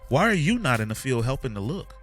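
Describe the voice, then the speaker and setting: A man's voice: medium pitch, very animated, quick pace, fairly bright tone, soft background music, voice pushed up. A man voicing a weary, worried woman who sounds earnest and exasperated.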